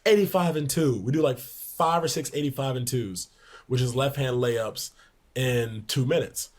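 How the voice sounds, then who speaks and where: A young man in his twenties, a podcast guest, telling lively locker-room anecdotes in a casual way, laughing along. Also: medium pitch, normal speed. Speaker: podcast guest, pro basketball player. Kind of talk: casual storytelling in a sports podcast.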